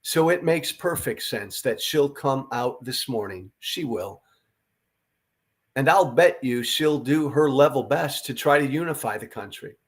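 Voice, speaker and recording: Slow, emphatic tired man. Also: medium pitch, expressive. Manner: earnest, emphatic, blunt with occasional profanity. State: tired from no sleep. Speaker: podcast host. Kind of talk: political commentary monologue.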